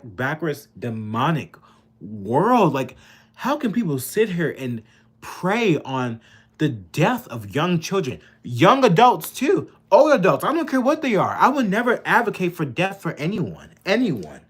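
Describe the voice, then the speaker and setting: A man's voice: a little high, slightly rough. A man giving an angry, profane political rant, repeating himself and building into heated outbursts. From Kentucky, US. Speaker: political vlogger.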